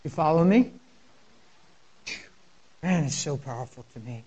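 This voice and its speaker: A male pastor, preaching a sermon in a conversational style and telling personal stories with deep emotion. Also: expressive, unhurried, a little mellow, breathy edge, muffled recording.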